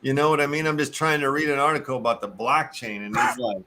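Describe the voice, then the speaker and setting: A man's voice: mid-range voice, fast talker, pushed and bright. A man with a Chicago accent hosting a casual show, reading articles aloud, cursing and tripping over long words. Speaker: show host.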